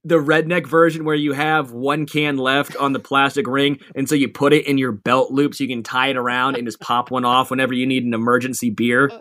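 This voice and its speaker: A man's voice: mid-range voice, little pitch movement, a little fast, hardly any pauses, fairly bright tone, dry recording. A man co-hosting a casual podcast, playful and rambling with frequent laughs. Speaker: podcast co-host.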